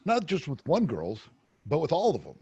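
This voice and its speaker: Brief: brash guest, man, husky voice, a bit high, dry close mic, frank and profane. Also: huge pitch swings, normal speed, darkish tone. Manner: brash, profane, storytelling with many fillers. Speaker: podcast guest. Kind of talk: candid casual interview talk. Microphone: close podcast mic.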